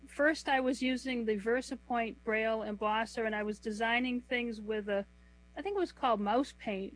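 A woman in middle age talks through her work as an interview guest, her voice sitting a little high for a woman. She explains patiently and takes things one at a time, slowing down when she lists items. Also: low-quality recording. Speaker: author and guest. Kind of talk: conversational interview answers.

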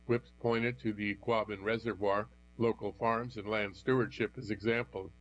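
A man with a fairly low voice reads news articles aloud, keeping a steady, even delivery. The recording is dull and lo-fi. A faint mains hum runs underneath. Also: moderate pace. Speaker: news reader.

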